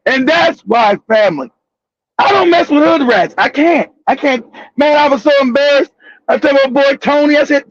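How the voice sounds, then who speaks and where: A man hosting a live talk show. He tells a casual, profane, animated story, laughing often and bursting into shouts. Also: very high voice, normal speed, no room sound. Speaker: show host. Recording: dull, dry lo-fi audio.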